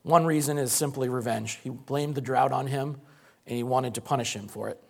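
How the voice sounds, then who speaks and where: A pastor preaching to his congregation, with a man's voice at an ordinary middle pitch. He talks through the passage plainly and conversationally. He leans on rhetorical questions to draw his listeners in. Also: moderate pace, vocal fry. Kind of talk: sermon.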